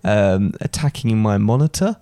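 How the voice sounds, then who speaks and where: A man's voice: lowish voice, animated, normal speed, warm tone, dry recording, clean studio sound. A man co-hosting a podcast with his father, chatting casually and joking. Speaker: podcast co-host. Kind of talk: casual chat.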